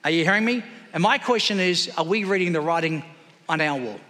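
In a church hall thick with long reverb, a male pastor delivers his sermon and calls out for the congregation to answer. His pitch is fairly high, his pace brisk, his tone sharp.

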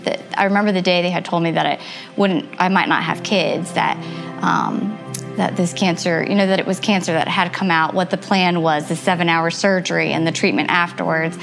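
A woman in her thirties telling her personal faith testimony earnestly and reflectively, with soft laughs. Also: on the low side, fairly even intonation, moderate pace, vocal fry. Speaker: testimony guest. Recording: music playing underneath.

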